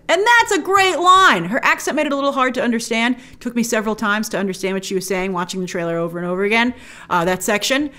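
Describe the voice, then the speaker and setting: A woman's voice: mid-range voice, animated, a little fast, bright, forceful tone. A woman hosting a film trailer breakdown, talking in a chatty, enthusiastic way with frequent fillers and restarts. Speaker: film trailer reviewer host. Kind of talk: casual trailer reaction commentary.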